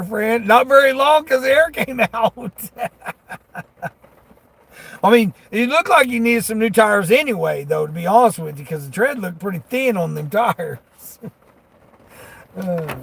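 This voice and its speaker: A man's voice: sits high, animated, moderate pace, vocal fry. A delivery driver chatting casually on a live stream from inside his vehicle, rambling in a folksy way and chuckling often. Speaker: delivery driver livestreaming to chat.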